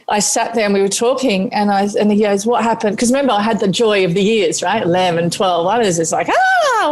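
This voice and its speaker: A middle-aged Australian woman chef, a podcast guest, telling a candid personal story, swearing freely and acting out what she said at the time. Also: lowish voice. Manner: animated, swears freely, acts out her own past remarks.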